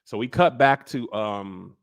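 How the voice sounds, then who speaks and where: A man hosting a comedic TV recap, riffing in a slangy, animated way. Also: on the low side, takes it slowly.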